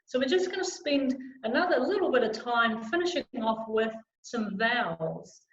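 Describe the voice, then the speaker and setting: A woman leading a choir through a vocal warm-up lesson on a video call, encouraging and demonstrating sounds aloud. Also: on the high side, animated, moderate pace. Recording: roomy, slightly dull video call audio.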